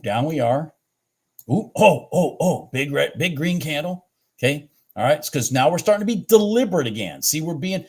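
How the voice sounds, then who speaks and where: A man hosting a trading channel, reviewing his live trades on charts in a lively, swearing, self-talking way. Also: medium pitch, breathy edge. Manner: animated, swears and talks to himself about the charts.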